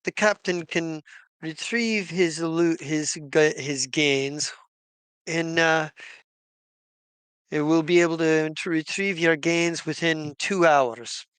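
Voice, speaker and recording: A man voicing a brisk, businesslike woman trader who talks in curt, transactional terms. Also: sits low, clean tone, dry recording.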